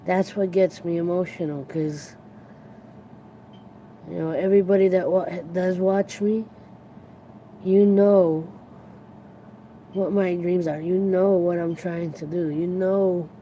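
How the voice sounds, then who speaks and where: A tired livestream host chatting casually to viewers, earnest and reflective, rambling and halting with many restarts. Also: mid-range voice, fairly even intonation, warm tone, slight background noise, low-quality recording.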